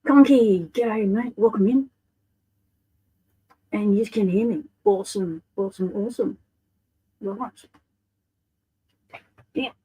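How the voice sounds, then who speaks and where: A woman's voice: medium pitch, slow pace, long pauses, mellow, slightly rough, rough recording. A woman with an Australian accent hosting a casual livestream, chatting and greeting viewers by name. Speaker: livestream host.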